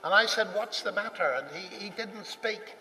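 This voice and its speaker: Speaking at a moderate pace, a man with a higher-than-usual voice relates a personal anecdote, lively and performing each exchange. He sounds far from the microphone, his words trailed by a long echo through a large, reverberant hall.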